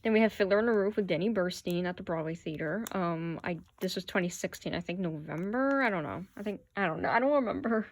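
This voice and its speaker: A woman vlogger chats casually into her phone, showing off her playbill collection with gushing fan enthusiasm. Her voice is fairly low, and she talks fast with few pauses.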